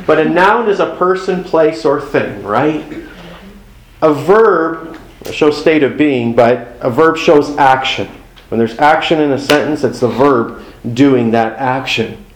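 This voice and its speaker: A man's voice: fairly high pitch, expressive, takes it slowly, echoey room, low-quality recording. A man preaching a sermon in a conversational way, with folksy asides and acted-out exchanges. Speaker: pastor.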